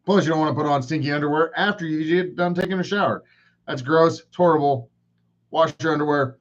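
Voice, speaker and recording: A man's voice: on the high side, fast talker, dull audio. A man in his forties hosting a solo podcast, rambling through profane, self-mocking rants. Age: 40s. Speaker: podcast host.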